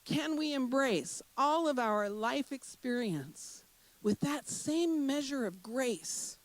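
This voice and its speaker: A woman minister giving a sermon, emphatic and repetitive, asking the congregation rhetorical questions and leading a slow breathing meditation. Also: high voice, lively intonation, low-quality recording. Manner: slows into a soft, guided breathing meditation.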